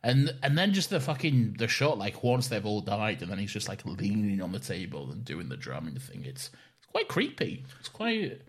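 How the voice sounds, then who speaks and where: Easygoing co-host, lively low voice. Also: male voice, moderate pace, husky. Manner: relaxed, easygoing, fillers like "you know". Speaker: podcast co-host. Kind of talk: casual chat.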